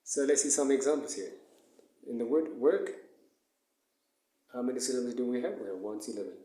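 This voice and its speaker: A male English teacher giving a recorded lesson, who explains slowly, repeats words and counts syllables aloud. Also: mid-range voice, mellow. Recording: echoey room.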